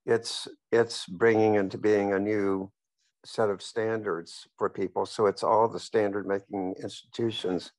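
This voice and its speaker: A man in the audience giving a comment in a halting, thoughtful way with pauses. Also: lowish voice, flat delivery, a little mellow, no room sound, rough recording. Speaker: audience member. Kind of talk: discussion comment.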